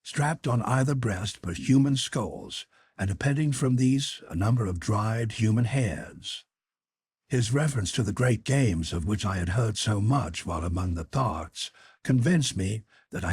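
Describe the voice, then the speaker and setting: A man reading a classic novel aloud in measured, even audiobook narration. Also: on the low side, breathy edge, dry recording, clean studio sound.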